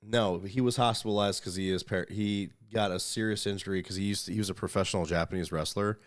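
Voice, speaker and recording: A man's voice: fairly low pitch, steady tone, fast talker. A man hosting a podcast in casual chat, rambling, swearing freely and reading articles aloud. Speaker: podcast host.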